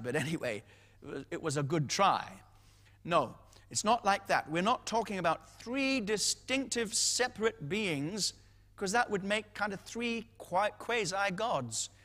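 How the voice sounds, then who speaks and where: A man with a high-pitched voice teaches from scripture in a sermon. He leans on key phrases and repeats them for emphasis. His voice carries a long reverb, as if he is in a big hall. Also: a bit bright. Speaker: Bible teacher.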